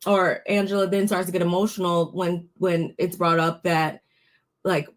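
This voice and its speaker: A woman's voice: fairly low pitch, little pitch movement, moderate pace. A woman giving a casual, opinionated recap of a reality show, talking freely with frequent restarts. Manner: chatty, opinionated, restarts often. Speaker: recap host.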